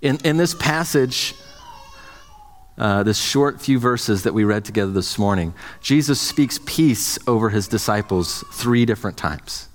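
A man's voice: fairly low pitch, expressive, measured pace, long reverb tail. A man preaching a sermon as pastor, speaking conversationally with many restarts and fillers.

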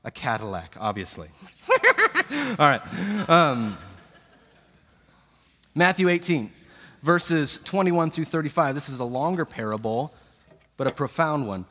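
A man preaching a sermon, telling the story in a playful, animated way with jokes. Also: medium pitch, a little slow, long pauses, in a large hall.

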